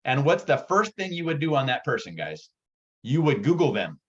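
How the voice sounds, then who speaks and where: An energetic man giving a workshop presentation as a real estate sales coach, talking in an excitable, punchy and direct way. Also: mid-range voice, moderate pace. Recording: dull lo-fi recording.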